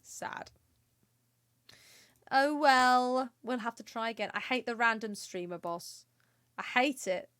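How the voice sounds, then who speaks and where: A woman's voice: on the high side, slow, long pauses, fairly bright tone, clear, resonant tone, no room sound. A young British woman chatting playfully through a game livestream, often giggling. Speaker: streamer. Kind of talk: casual game livestream chat.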